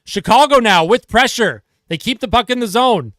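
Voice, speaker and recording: A man doing live play-by-play as a fan of his team, calling the action quickly and growing exasperated and sarcastic at their mistakes. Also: very high voice, expressive, fairly bright tone, dry recording, clean studio sound.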